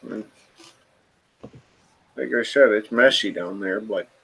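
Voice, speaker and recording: A man's voice: fairly low pitch, slow, creaky, fairly bright tone, slightly rough, full character voice. A man voicing a crude, wary male rat-man who lives in the sewers, talking bluntly and with swearing, in a tabletop role-play. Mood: guarded. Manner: blunt, profane, laid-back.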